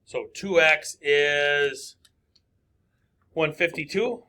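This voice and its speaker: A male teacher talks through math problems at an unhurried, deliberate pace. His voice is bright and a little high, and he poses questions aloud before answering them. A faint noise sits under the recording.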